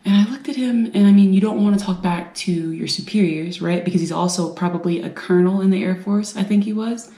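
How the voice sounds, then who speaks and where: A woman from the United States telling her own survivor story in an earnest, halting way, repeating phrases for emphasis. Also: medium pitch, dark tone. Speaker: brain injury survivor and veteran speaker. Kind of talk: personal storytelling talk. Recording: roomy echo.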